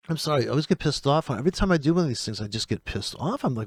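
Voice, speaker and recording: A man on a trading channel tears into other people's strategies in an exasperated, profane rant. His pitch swings widely from one phrase to the next. The recording is close and dry, with almost no room sound. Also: lively intonation, quick pace, hardly any pauses, breathy edge, no room sound. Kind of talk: ranting commentary on trading videos.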